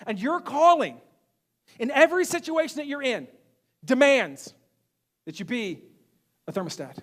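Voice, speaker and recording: A male pastor preaching a sermon to a church congregation, animated, swinging between loud emphasis and quiet asides. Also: extremely high pitch, moderate pace, long pauses. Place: church sanctuary.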